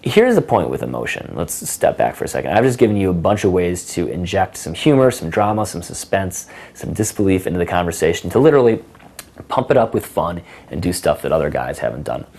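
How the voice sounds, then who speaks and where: A man's voice: deep voice, very animated, a little fast, vocal fry, darkish tone. A man teaching conversation tips in a casual, playful way, acting out sassy example lines. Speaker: dating coach. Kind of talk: casual instructional talk.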